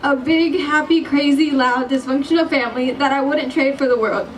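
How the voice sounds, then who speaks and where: The speaker is a teenage girl in her late teens, the class president, delivering a graduation speech at normal speed in a high voice. She giggles, stays bubbly and says sorry when she loses track, captured on a distant mic with poor audio and slight noise.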